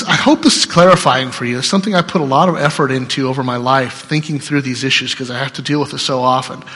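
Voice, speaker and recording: A man's voice: a little high, fairly bright tone. A man preaching a sermon to his church in a conversational way. He often checks in with the congregation and laughs between points. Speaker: pastor. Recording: long reverb of a church hall.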